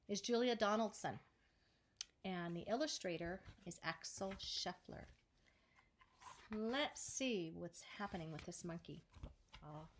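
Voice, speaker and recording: A woman hosting story time, reading a picture book aloud to children and asking them gentle questions. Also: mid-range voice. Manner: gentle, asks the listeners questions.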